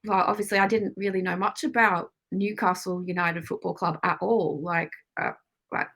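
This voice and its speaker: A woman's voice: lowish voice, level tone, moderate pace, fairly bright tone. An Australian woman being interviewed as a guest, talking casually and laughing often between phrases. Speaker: guest, club photographer.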